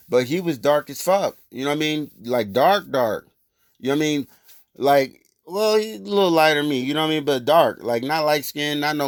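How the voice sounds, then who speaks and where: A man's voice: mid-range voice, dry recording, studio quality. A man telling a personal story in loose, rambling, profane street talk. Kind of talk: casual storytelling.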